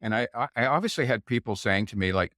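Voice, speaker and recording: An older man with a fairly low voice tells his stories with energy, slipping into the voices of the people he quotes. The sound is close and dry, with no room around it. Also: quick pace, no echo. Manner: animated anecdote teller, acts out quoted voices. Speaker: guest. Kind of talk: casual storytelling chat.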